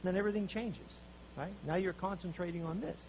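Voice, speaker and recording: A man preaching a sermon, telling a story with animated voices for the people in it. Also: high voice, fairly quick, highs cut off, slight background noise. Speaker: pastor.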